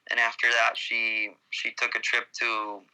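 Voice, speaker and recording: A young man in his twenties from Costa Rica, a surfer guest telling his story casually in an excited, rambling way with many fillers. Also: medium pitch, measured pace, clean tone, poor audio.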